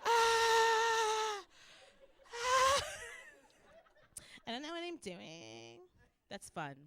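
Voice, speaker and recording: A woman from Canada in her thirties doing a stand-up set, acting out her kids and herself in loud, high voices. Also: very animated, unhurried, clean tone, dry recording. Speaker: stand-up comedian. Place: comedy club stage.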